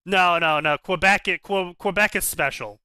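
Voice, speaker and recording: Bright, crisp-voiced man ranting. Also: sits high, no room sound. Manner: ranting, profane, repeats words when starting. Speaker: podcast co-host. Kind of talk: casual banter.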